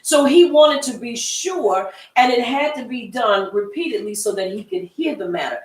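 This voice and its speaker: A woman with a fairly high voice leads a Bible study class, chatting in a folksy way and acting out the people she quotes. The room is echoey, and she sits some distance from the microphone. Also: lively intonation, normal speed. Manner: conversational, folksy, repeats herself and acts out quoted voices.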